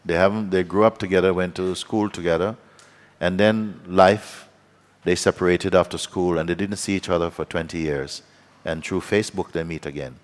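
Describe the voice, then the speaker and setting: Deep low-voiced guy, spiritual teacher at a satsang, telling a story and doing the voices, chuckling along. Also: fairly even intonation, moderate pace. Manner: storyteller acting out voices in quoted dialogue.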